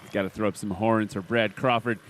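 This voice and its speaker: A man's voice: lowish voice, steady tone, fairly quick. A man in his forties giving enthusiastic live play-by-play commentary at an air competition. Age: 40s. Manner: enthusiastic, chatty.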